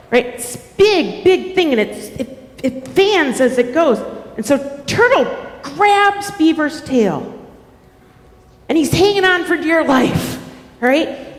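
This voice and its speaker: Animated woman storyteller in an echoey hall. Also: high voice, slow, slight background noise. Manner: animated, asks the audience questions. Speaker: storyteller at a church service. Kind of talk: children's story in a sermon.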